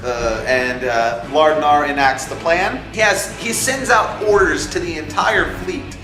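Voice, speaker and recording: A young man hosting a casual vlog that calls for voice actors for his fan film, animated and jokey, dropping into put-on voices. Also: on the high side, unhurried. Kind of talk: casual casting-call vlog. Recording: echoey room with music behind.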